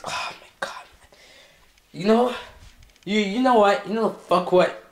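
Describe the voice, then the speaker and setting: A man's voice: high-pitched, measured pace. A man playing a volatile, troubled young man who swears constantly and rants, repeating himself, in a comedy skit, recorded in an echoey room. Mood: ranting.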